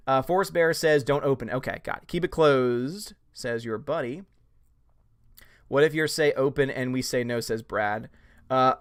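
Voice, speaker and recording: A man hosts a live stream, reading viewer comments aloud in a casual, jokey chat. His voice sits a touch higher than most men's and keeps jumping up and down in pitch. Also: a bit bright. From United States.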